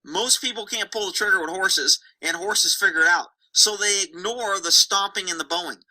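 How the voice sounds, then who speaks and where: A horse trainer talks over paused video footage, driving points home with emphatic repetition and folksy slang. The voice is very bright and sharp, at a mid pitch. The delivery is blunt and animated, like a hands-on lesson. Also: low-quality recording. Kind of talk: narrated video commentary.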